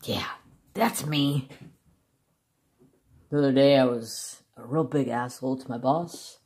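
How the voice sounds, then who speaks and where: A woman's voice: extremely low pitch, measured pace, a little mellow, a little hiss or hum. A woman craft vlogger in casual, rambling chat, laughing often and swearing freely.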